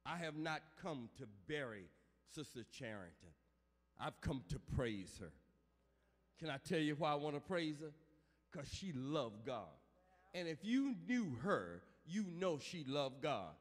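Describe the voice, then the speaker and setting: A male pastor preaching a funeral sermon, calling out to the congregation for amens and building up to shouts. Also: mid-range voice, sing-song, measured pace. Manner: call-and-response preaching, rising to shouts. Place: large church sanctuary. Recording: long church reverb.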